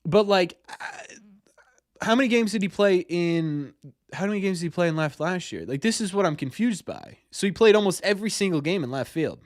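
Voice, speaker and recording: A young man with a high, lively voice hosts a casual sports live stream as a sports podcast host, talking briskly. He rambles through viewers' questions, often stumbling over and repeating words. The recording is dry and studio quality.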